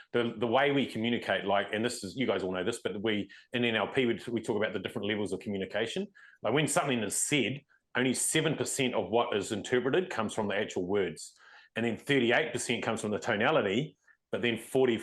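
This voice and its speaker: A middle-aged man holds forth in a relaxed podcast conversation, delivering his points in a rapid stream. His voice sits somewhat low, and he explains earnestly, often backing up to restart a thought. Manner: earnest, explains leadership ideas at length with many restarts. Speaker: podcast co-host. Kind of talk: casual podcast discussion.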